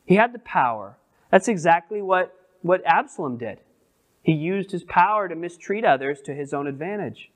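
A man teaches scripture to a small group in a casual, questioning way. He often breaks off and restarts his sentences. His voice sits a little high for a man. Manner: conversational, asks the group questions; halting restarts, many repeated words. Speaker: pastor. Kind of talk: Bible study teaching.

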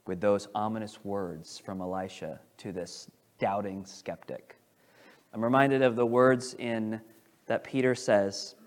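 A man preaching a sermon as pastor, animated, with restarts as he paraphrases scripture and swings between loud emphasis and quiet asides. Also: on the low side.

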